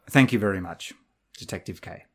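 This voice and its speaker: A man co-hosting a teaching podcast in casual, jokey banter, quick to laugh. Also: mid-range voice, breathy edge. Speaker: podcast co-host, English teacher.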